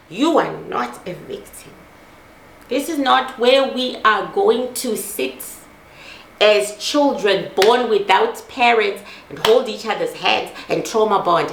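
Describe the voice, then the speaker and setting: A woman's voice: fairly high pitch, gravelly, roomy sound, a little hiss or hum. A middle-aged woman giving an intense personal monologue, emphatic and repeating lines for force, swearing as she talks. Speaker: host.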